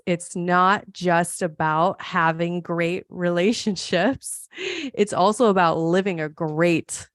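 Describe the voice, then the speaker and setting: A woman's voice: fairly low pitch, smooth, no echo, clean studio sound. A woman psychologist from Montana hosting a solo podcast, explaining ideas in an earnest, friendly way with self-deprecating asides. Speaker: podcast host and clinical psychologist.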